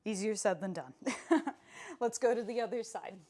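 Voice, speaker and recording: A woman's voice: medium pitch, expressive, a little slow, mellow. A young woman teaching a live pilates class, chatty and playful, counting reps aloud with frequent laughs and a slight breathlessness as she holds planks. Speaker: pilates instructor. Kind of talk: live workout instruction.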